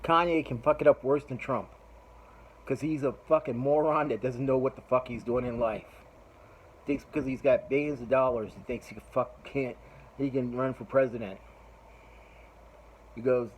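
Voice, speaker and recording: A man's voice: medium pitch, normal speed, slight background noise, low-quality recording. A middle-aged man hosting a podcast, telling a rambling, profane story in a casual monologue. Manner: profane, rambling, laughs while retelling. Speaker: podcast host.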